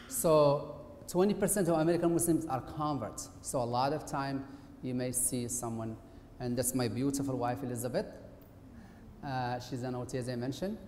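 A man's voice: mid-range voice, moderate pace, a little mellow. A middle-aged man gives a presentation lecture, speaking in a conversational, hesitant way. His voice sits in a medium range. The sound carries a long, roomy auditorium reverb. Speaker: guest lecturer, occupational therapist. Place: university auditorium. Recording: echoey hall with faint hiss.

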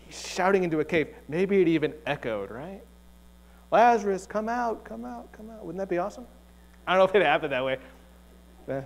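In a church sanctuary, a male pastor with a high-sitting voice delivers a conversational sermon. He jokes and poses rhetorical questions to the congregation.

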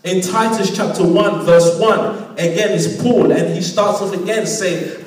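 A man's voice: high-pitched, steady tone, a little slow, hardly any pauses. A man preaching a sermon, emphatic, calling for amens from the congregation. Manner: emphatic, calls for amens, acts out quoted voices. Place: church hall. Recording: echoey church hall from far off. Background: congregation murmuring responses.

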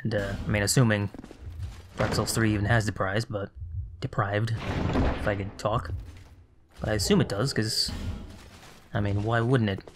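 A man's voice: on the low side, steady tone, moderate pace, pauses often, music in the background. A man casually commenting on his own gameplay, sarcastic and muttering to himself as he plays. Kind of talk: casual let's-play commentary.

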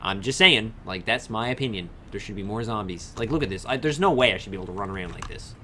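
A young man with a lowish, sharp-toned voice chats quickly and casually with viewers on a game livestream, swearing freely and answering chat. Faint music and slight background noise sit behind him.

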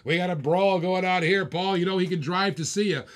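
A man calls bids on a live-stream auction, all hyped-up patter and playful teasing of the bidders. His voice sits a bit high for a man. He talks like a showman working a crowd. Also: a little fast. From Australia.

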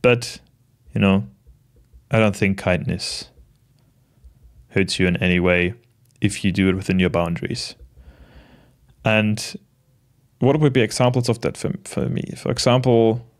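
A man in his late twenties talking to the camera in a casual, reflective monologue, gentle and halting, with many restarts and soft laughs. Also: lowish voice. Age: late 20s. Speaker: vlogger.

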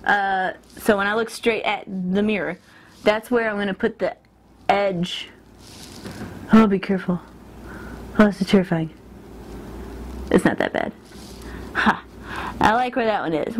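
Indoors in front of a mirror, a woman with a mid-range voice talks her way through a lash tutorial she is filming herself, with a little noise in the background. This beauty vlogger keeps it casual, breaking off mid-sentence and laughing whenever she slips up.

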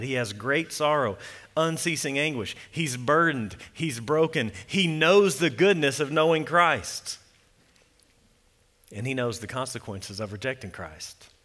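A man preaching an earnest expository sermon as pastor, reading scripture slowly and softly. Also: on the high side, long reverb tail. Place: church sanctuary.

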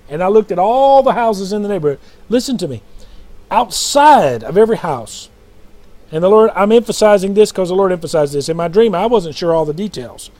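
A man with a high, slightly mellow voice, a self-styled prophet and preacher, records himself alone at night. He tells of a dream and preaches, fervent and rambling, circling back over the same points and frequently invoking "brothers and sisters."

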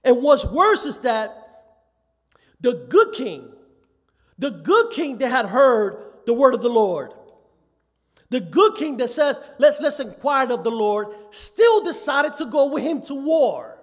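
A church elder delivers a sermon in a strikingly high voice, driving points home by repeating his phrases. He lends quoted speakers their own voices as he goes. The sound carries the long reverb of a church sanctuary on a live stream. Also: very animated, slow pace.

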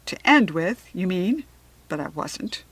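A woman putting on a wise, breathy magical hare. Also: on the low side, takes it slowly, full character voice, rough recording. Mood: knowing. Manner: calm, knowing, riddling.

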